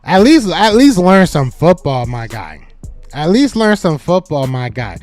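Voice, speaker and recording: This podcast host, whose voice is on the high side, runs a sports talk live stream at a slightly slow pace with soft music behind him. Animated, he answers his chat with teasing jabs he repeats several times.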